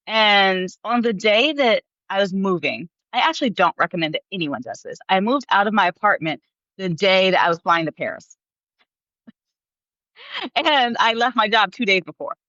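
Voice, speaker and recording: A woman in her thirties tells her story as a podcast guest, laughing often and acting out the voices of others. Her tone is bright and forceful. The sound is dry and a little dull, as if on a modest mic. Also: mid-range voice, no echo. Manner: animated, laughs often, acts out quoted voices. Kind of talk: storytelling in an interview.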